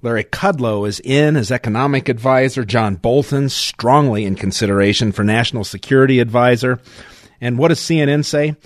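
A man hosting a political talk radio show, brisk and opinionated, taking calls and reading the news. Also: mid-range voice, no echo, clean studio sound. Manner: brisk, opinionated, laughs often. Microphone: studio mic.

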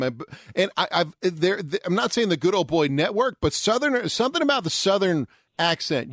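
A man co-hosting casual racing talk, joking around in quick banter. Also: fairly high pitch, no echo, clean studio sound.

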